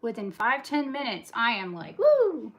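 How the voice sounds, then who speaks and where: Cleaning and doing dishes as she goes, a talkative woman in her forties rambles quickly through a casual livestream she hosts. Her voice sits at medium pitch with a slightly bright tone.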